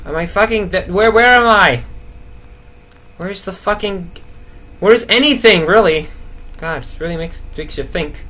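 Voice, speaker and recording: A young man rambling nervously through horror game commentary, swearing and talking to himself to stay calm. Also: high voice, measured pace. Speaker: gaming video host.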